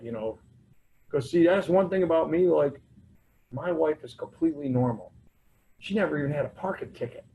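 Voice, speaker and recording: A man's voice: fairly high pitch, animated, normal speed, muffled recording, slight background noise. A man speaking at a recovery convention, sharing his personal story in a loose, self-mocking way. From United States. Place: convention hall.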